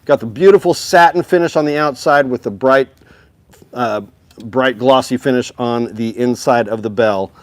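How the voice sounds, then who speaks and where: A man's voice: medium pitch, normal speed, dry recording. A man hosting a live music store stream, chatting upbeat and straight to his viewers about instruments. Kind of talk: casual live-stream sales chat.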